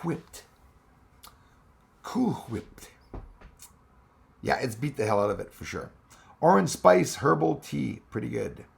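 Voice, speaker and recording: A man's voice: mid-range voice, sing-song, normal speed, vocal fry. A man hosting a live stream, chatting casually and rambling as he answers viewers' comments with frequent laughs.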